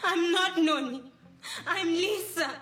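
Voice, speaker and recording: A woman's voice: very high-pitched, slow pace, fairly bright tone, full character voice. Woman as a defiant teen girl. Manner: tearful, defiant pleading. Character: rebellious teenage daughter, defiant. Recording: echoey room, distant mic, faint music.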